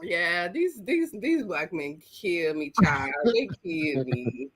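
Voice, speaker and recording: A woman's voice: on the low side, very animated, slow, a bit bright, slightly rough, no room sound. A woman co-hosting a casual livestream, playful and mocking, who often breaks into laughter. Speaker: co-host.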